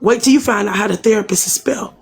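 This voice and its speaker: A woman with a husky voice, a guest on a livestream, earnestly advising the host and asking repeated questions. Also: mid-range voice, quick pace. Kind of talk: casual livestream talk.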